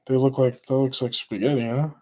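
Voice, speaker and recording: A man's voice: mid-range voice, steady tone, brisk, a little mellow. A middle-aged man hosting a casual live stream, rambling through stories and chatting with viewers. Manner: rambling, laughs while telling stories. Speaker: livestream host.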